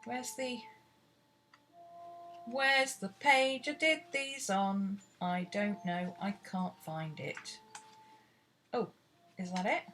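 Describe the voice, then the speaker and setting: She's a British art teacher with a medium, slightly bright voice who speaks slowly with long pauses, rambling and talking to herself as she searches during a casual painting lesson. A faint hiss or hum runs underneath.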